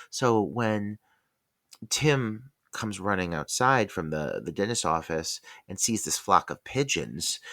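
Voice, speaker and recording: A man's voice: on the low side, pushed and bright, no echo, studio quality. A man co-hosting a horror movie podcast, talking casually and animatedly, full of fillers and swearing. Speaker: podcast co-host.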